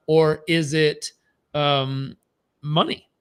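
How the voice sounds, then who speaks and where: A man's voice: on the high side, little pitch movement, drawn-out words, smooth. A man running a live motivational coaching session with an emphatic, repetitive delivery, often stumbling and restarting his sentences. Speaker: performance coach.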